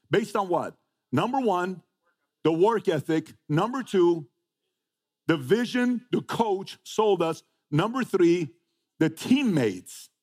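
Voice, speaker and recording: Male motivational speaker, emphatic and repetitive, lively swooping delivery. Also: high-pitched. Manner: emphatic, repeats phrases, rhetorical questions. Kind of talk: motivational talk to a live audience.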